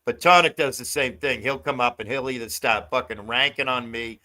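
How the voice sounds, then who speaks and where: A man's voice: mid-range voice, fairly quick, bright, forceful tone. An older man hosting a casual phone livestream, talking loosely with lots of swearing and laughter. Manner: loose, profane, laughs a lot. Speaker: livestream host.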